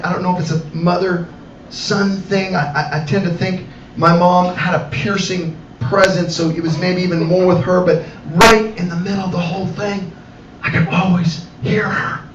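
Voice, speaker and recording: A middle-aged man performing animated stand-up comedy at a cafe comedy night, talking to the audience. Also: sits high, lo-fi sound. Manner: animated, acts out voices, addresses the audience. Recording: roomy, distant mic, loud background noise.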